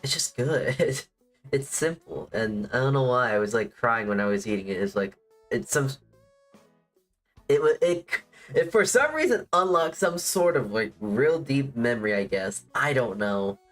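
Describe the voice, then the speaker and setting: A man chats on a livestream in a loose, rambling way, leaning on "like" and poking fun at himself. His voice sits at an ordinary middle pitch. Faint music plays quietly behind him. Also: sing-song, unhurried, poor audio. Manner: rambling, heavy on "like" fillers, self-deprecating. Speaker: VTuber streamer. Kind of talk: casual livestream chat. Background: faint music playing.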